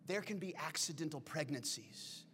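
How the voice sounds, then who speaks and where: A pastor delivering a sermon, swinging from hushed whispers to loud exclamations. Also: male voice, fairly high pitch, animated, normal speed. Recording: long hall reverb with faint music.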